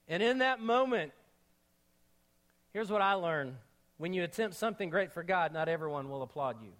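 High-voiced joking male pastor preaching. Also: moderate pace. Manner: energetic, joking, with slangy asides. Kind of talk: sermon.

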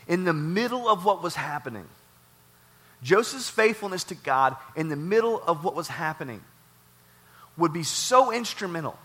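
A man pastor delivering a sermon in a warehouse church, repeating phrases and swinging between loud and soft. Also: on the high side.

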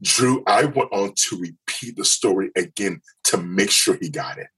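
A man telling a personal story in an interview, earnest and halting, often restarting his sentences. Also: deep voice, animated, a bit bright, husky, rough recording. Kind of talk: candid personal testimony.

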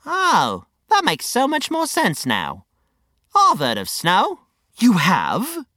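An eager Australian wallaby boy bounces up high and swings his pitch all over the place, as a woman voices him. He sounds easily puzzled and keen in this children's audio story, with a dry, close sound. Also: wildly swooping pitch, slow, a bit bright, dry recording, exaggerated voice. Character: excitable young male wallaby.

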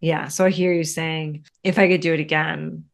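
Woman co-host, gravelly voice, calm reflective listener. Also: low-pitched, moderate pace. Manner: calm, paraphrasing back what she hears. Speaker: podcast co-host.

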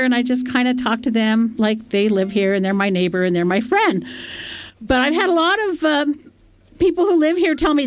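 A woman's voice: on the high side, expressive, moderate pace, no room sound. A woman telling a casual, self-deprecating anecdote on stage at a storytelling festival, chatty and full of fillers.

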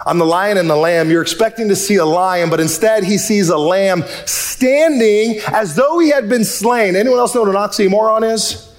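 High-voiced, animated male pastor preaching. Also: moderate pace. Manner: animated, joking, swings from loud to soft and intimate. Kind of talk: sermon. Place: church sanctuary.

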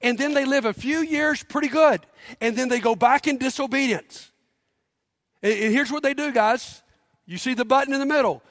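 A man's voice: very high voice, normal speed, a bit bright, clean studio sound. A man preaching a sermon as pastor, emphatic, leading the congregation in call-and-response. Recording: long hall reverb.

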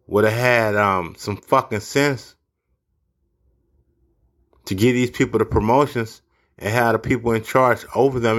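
A man's voice: mid-range voice, fairly bright tone. A man ranting angrily about politics, profane and blunt. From United States. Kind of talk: angry political rant.

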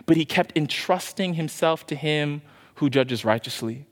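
A male pastor preaching a sermon with passion, then leading a soft, slow prayer. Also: fairly high pitch, in a large hall.

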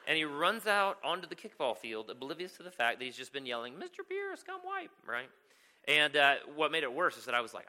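A man with a high-leaning, bright, forceful voice preaches a sermon as a pastor, with a little hiss or hum in the recording. He tells a story and keeps checking in with "right?".

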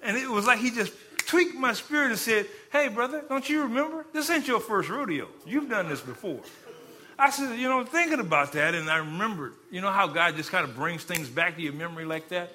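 Man preaching, very bright tone, slightly high voice, dynamic storytelling sermon. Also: lively intonation, fairly quick, a little hiss or hum. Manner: dynamic, rising to loud fervent peaks then dropping low. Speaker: hospital chaplain and pastor.

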